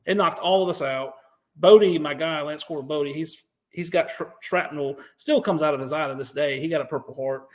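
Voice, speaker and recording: American male guest, slightly high voice, animated, swears freely, acts out what others said. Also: a little fast. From United States. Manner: profane, animated, acts out quotes. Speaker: podcast guest, veteran. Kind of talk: interview storytelling.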